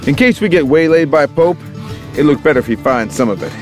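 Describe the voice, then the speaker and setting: A man voicing an easygoing, cocky cowboy with a drawl, wry and lively, in an audiobook. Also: fairly high pitch, fairly quick, over music, pitched above the performer's own voice, lightly acted. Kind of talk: audiobook character voice.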